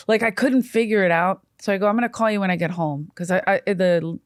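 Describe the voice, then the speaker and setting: A woman's voice: mid-range voice, brisk, smooth, no echo, clean studio sound. A woman comedian telling stories in a casual podcast chat, swearing freely and acting out other people's voices. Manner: profane, animated, acts out quoted voices. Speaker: comedian guest.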